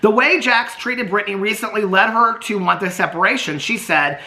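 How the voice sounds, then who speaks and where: A chatty man with a Southern accent gossips casually to camera. His voice is bright and sharp with a gravelly fry, and he rambles, loses his thread and picks it back up. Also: high voice, normal speed, hardly any pauses. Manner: chatty, rambling, trails off and restarts. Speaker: YouTube host.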